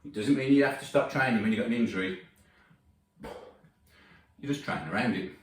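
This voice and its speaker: A man's voice: medium pitch, a little fast. Blunt, sweary man in an echoey gym. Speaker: gym trainer. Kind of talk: casual workout vlog talk. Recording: roomy gym, mic at a distance.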